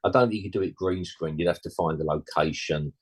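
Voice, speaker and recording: A man's voice: sits low, quick pace, slightly rough. A man in his sixties, a musician guest, rambling and blunt in casual interview chat, full of "you know" and slangy asides.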